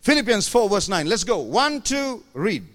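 A pastor preaching a sermon in a church, animated and playful, acting out his congregation's voices and teasing the crowd. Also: sits high, normal speed.

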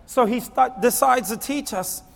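A man preaching a sermon with a lively delivery that swings from quiet, low stretches to loud, near-shouted pleading. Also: measured pace, gravelly. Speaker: pastor. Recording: long hall reverb.

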